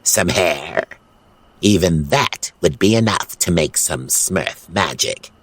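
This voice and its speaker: A man voicing a scheming old male wizard villain in a storybook audio tale, with a theatrical, drawn-out, whiny delivery. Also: sits low, animated, slightly rough, no echo, heavily acted. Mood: brooding. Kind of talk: storybook voice acting.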